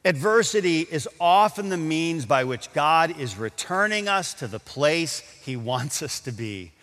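A man's voice: fairly high pitch, measured pace. A man preaching a sermon as a pastor, telling stories and building to emphatic, rising peaks. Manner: animated, storytelling with rising emphasis. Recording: long hall reverb.

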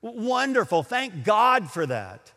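Animated preaching man in a reverberant hall. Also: sits high. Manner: emphatic preaching with slow stressed scripture quotes. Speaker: pastor. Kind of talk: sermon. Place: large auditorium.

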